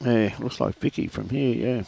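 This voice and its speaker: A man's voice: medium pitch, normal speed, vocal fry, mellow, husky, no echo. A man giving live lawn bowls commentary, chatty and joking, often calling people "mate".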